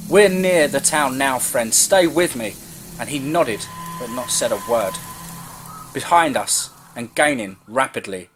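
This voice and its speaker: A man telling a first-person horror story in a tense, vivid way that rises with the chase. His voice sits at a middle pitch. Faint cricket chirps and night ambience linger behind him. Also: a bit bright, slight background noise.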